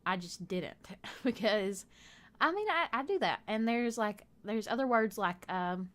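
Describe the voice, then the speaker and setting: Young southern girl rambling thru a game build, chatty, mid-pitched voice. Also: lively intonation, a little slow, a bit bright. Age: young adult. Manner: rambling, chatty, easily off topic. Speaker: gaming video creator. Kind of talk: casual chat over a game build.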